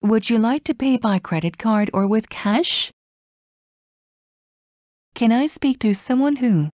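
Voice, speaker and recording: A woman reading everyday English phrases aloud one at a time, in slow, evenly spaced delivery for learners. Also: a little high, expressive, darkish tone, no room sound. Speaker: English teacher. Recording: dull, dry lo-fi audio.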